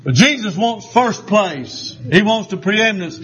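A man preaching a fervent sermon, rising at times to shouts. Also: high-pitched, expressive, unhurried, slightly rough. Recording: dull lo-fi with faint noise.

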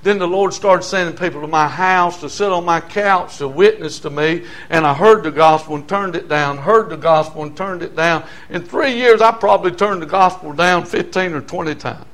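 An older man with a drawl preaches a sermon in a folksy, storytelling way. His voice sits high for a man. He swings between ringing shouts and low, confiding asides. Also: normal speed, hardly any pauses. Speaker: pastor.

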